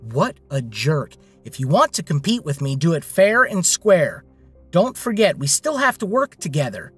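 A man's voice: high-pitched, very animated, unhurried, husky, faint music behind, pitched above the performer's own voice, full character voice. A man reading a story voices an angry young businesswoman in a raised, strained tone. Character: furious young businesswoman, scolding.

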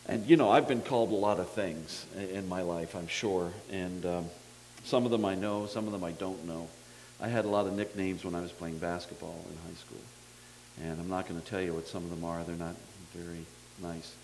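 A man's voice: low voice, steady tone, normal speed, a little mellow, a little hiss or hum, rough recording. A man preaching a sermon as pastor, in a conversational, folksy manner with self-deprecating humor, acting out the dialogue of the story.

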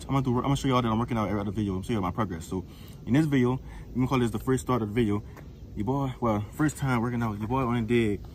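A man's voice: medium pitch, slight background noise. A young man, a truck driver, chatting casually to his viewers while working out outdoors in a truck parking lot, out of breath, slangy and rambling, laughing at himself. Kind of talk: casual workout vlog chat.

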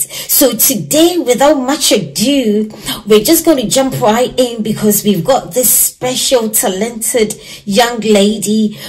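A woman hosting a reaction video, giving casual, gushing and admiring commentary. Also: fairly high pitch. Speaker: reaction channel host. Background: faint music.

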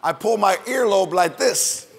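A brash male late-night host cracks jokes and shouts, his high voice rough with gravel. The studio rings with a long reverb, with music and a live audience audible behind him. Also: animated, a little slow, background noise. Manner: brash, joking, bursts of shouting. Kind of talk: comedic monologue and interview.

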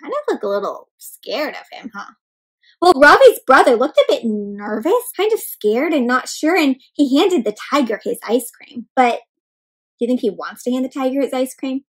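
Casting: woman storyteller with a high voice, animated read-aloud for kids, full of gasps and questions to the children. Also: normal speed, husky, poor audio. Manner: expressive, often gasps, asks kids questions.

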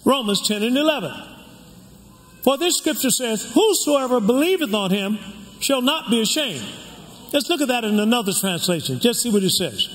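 A man's voice: very high voice, very animated, moderate pace, a bit bright. An older man preaching a sermon as pastor, drawing the congregation in with call-and-response questions. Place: church sanctuary. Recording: echoey hall with background noise.

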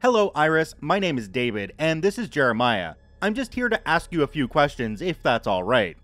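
A man doing a gentle, awkward young researcher. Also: a little high, big pitch swings, normal speed, no echo. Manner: soft, reassuring.

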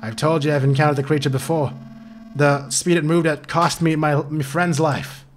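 A man's voice: on the high side, level tone, normal speed, lightly acted. A man reading the lines of a grieving male sailor from a video game in a subdued, earnest way, in close to his own voice. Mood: solemn.

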